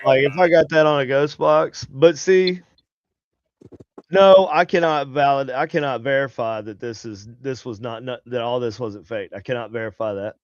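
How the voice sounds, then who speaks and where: A man's voice: medium pitch, normal speed, no echo, lo-fi sound. A man co-hosting a podcast in loose, rambling, profane casual chat. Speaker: podcast co-host.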